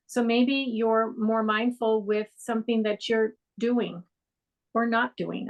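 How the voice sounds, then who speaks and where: A woman teaching a mindfulness class over a video call, talking gently and meandering with frequent fillers. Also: on the high side, slow pace, gravelly, low-quality recording. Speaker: meditation instructor. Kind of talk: guided meditation class.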